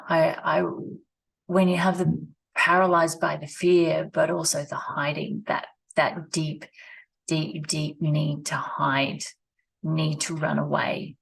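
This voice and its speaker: A woman, talking slowly and reflectively in a personal vlog, repeating her phrases as she thinks aloud at her rural home. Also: low-pitched, creaky, husky. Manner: slow, musing, repeats phrases. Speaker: vlogger. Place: rural home with animals nearby.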